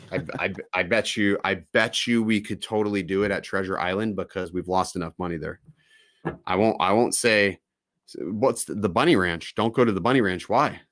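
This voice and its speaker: A man hosting a casual live-stream chat, telling stories in a loose, profane, animated way. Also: low voice, dry recording, studio quality. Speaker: podcast host.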